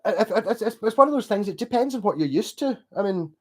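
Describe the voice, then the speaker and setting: A man's voice: high voice, animated, quick pace, a little mellow. A man, chatting casually to his livestream audience and laughing as he talks. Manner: chatty, laughs while talking.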